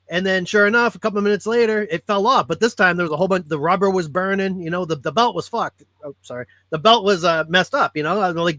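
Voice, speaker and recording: A man's voice: sits high, fast, dry recording. A man, a former dive tender, telling a story with animation and acting out the lines of others. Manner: animated, acts out dialogue in quotes. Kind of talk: casual storytelling.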